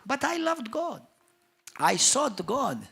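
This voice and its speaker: A man with a Maltese accent preaching a sermon as pastor, emphatic and animated, acting out churchgoers. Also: very high voice, gravelly, husky. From Malta. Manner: emphatic preacher, acts out churchgoers in quick voices.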